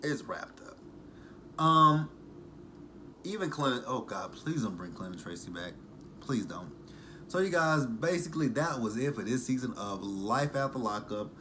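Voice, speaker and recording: A man's voice: mid-range voice, expressive, measured pace, bright, forceful tone, slight background noise. A man with a mid-range voice talks casually into the camera, sarcastic and loose. He swears now and then and keeps a chatty, mocking tone as he recaps the show. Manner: chatty, sarcastic, uses profanity. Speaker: reality TV recap host. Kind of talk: casual reaction vlog.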